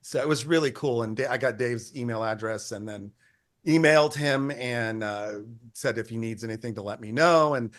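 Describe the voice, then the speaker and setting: An older man, a photographer, telling stories in an interview in a rambling, animated way, acting out the people he quotes and often restarting his sentences. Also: mid-range voice, moderate pace, no echo, studio quality. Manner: animated, acts out quoted voices. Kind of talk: conversational storytelling.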